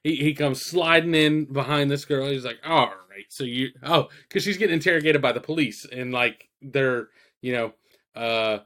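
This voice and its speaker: A podcast co-host talks about films in a loose, casual review, rambling and swearing, packing in fillers and quoted asides. His voice sits in the mid range with a fairly bright tone, moving at normal speed.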